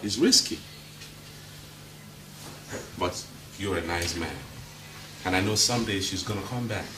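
A frank, brotherly Nigerian pilot. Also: male voice, sits low, unhurried. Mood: earnest. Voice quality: earnest, brotherly persuasion. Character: friendly frank senior pilot. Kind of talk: Nollywood film acting. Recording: roomy distant film audio with noise.

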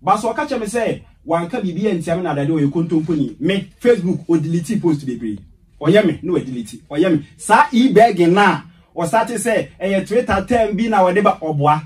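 A man's voice: sits high, animated, normal speed, far from the mic. A Ghanaian man boasting during heated radio banter, switching between Twi and English. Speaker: radio guest.

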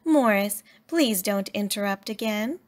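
A woman voicing a patient, kindly female schoolteacher who speaks clearly, as if explaining a lesson. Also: medium pitch, expressive, a little slow, lightly acted. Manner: clear and instructive.

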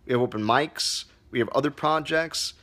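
A man's voice: mid-range voice, moderate pace, fairly bright tone. A man who teaches comedy, hosting a casual livestream Q&A, reading viewer comments aloud in a loose, profane way.

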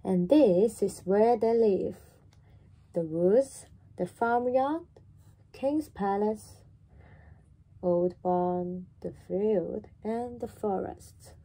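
A woman reading a children's story aloud in a slow, animated, sing-song way. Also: mid-range voice, husky.

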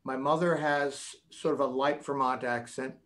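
A man's voice: medium pitch, steady tone, normal speed, a bit bright. Older new england guy, light accent, rambly jokey chat on a video call, lots of restarts. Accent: light Boston-area New England. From New England, USA. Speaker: guest pianist. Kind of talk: casual chat.

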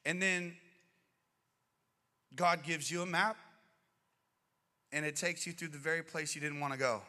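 A man in his middle years delivers a sermon, his fairly high, bright voice pushing hard. He rises to loud, drawn-out outbursts and then drops to a hushed, slow hush. The sound carries a long church-hall reverb. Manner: dynamic preaching, swings from loud to hushed. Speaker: pastor. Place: church auditorium.

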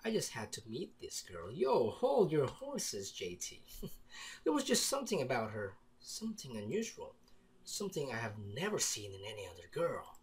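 A man's voice: mid-range voice, huge pitch swings, moderate pace. Playful man reading a visual novel aloud. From Philippines. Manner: playful, reads dialogue aloud with jokey asides. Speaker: gamer playing a visual novel. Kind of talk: let's play commentary and narration.

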